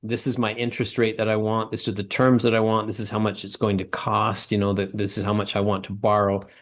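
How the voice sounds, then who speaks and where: A middle-aged former ladder company owner, guesting on an interview, tells stories in a low voice at a slightly fast clip. He animates the people in his anecdotes with lively pitch jumps and often backs up to restart a phrase.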